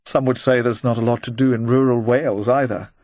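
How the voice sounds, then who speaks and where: A man voicing a dry, probing retired agent of fifty, speaking slowly and quietly. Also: mid-range voice, steady tone, no echo, close to an everyday voice. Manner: slow, quiet, deliberate.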